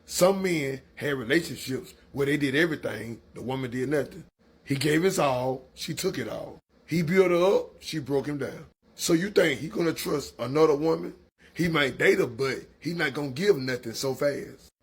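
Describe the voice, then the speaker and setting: Man, husky voice, slightly high, preachy opinion monologue. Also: normal speed. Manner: preachy, lecturing, colloquial grammar. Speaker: commentator.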